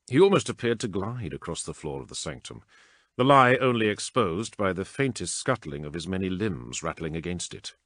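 Low-voiced male storyteller. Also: fairly bright tone, no echo, studio quality. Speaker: audiobook narrator. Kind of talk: scripted narration.

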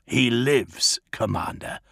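A man's voice: medium pitch, lively intonation, slow, gravelly, a bit bright, husky, dry recording, clean studio sound, full character voice. A man voicing a grave, cutting elder lord. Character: grave, senior male warrior lord. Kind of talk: audiobook character voice.

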